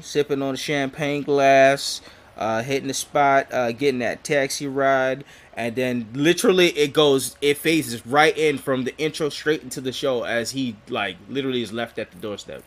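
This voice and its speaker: A man co-hosting a casual podcast who recaps a sitcom in a relaxed way with slang and frequent laughs. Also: medium pitch, moderate pace. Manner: relaxed and laid-back, uses slang and laughs often. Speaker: podcast co-host. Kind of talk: casual chat recapping a TV episode.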